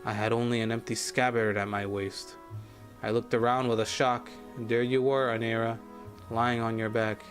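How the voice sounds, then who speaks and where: A man streaming a game, reading its story text aloud in a measured, grave way that sometimes drops to a hush. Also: medium pitch, little pitch movement. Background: faint game music.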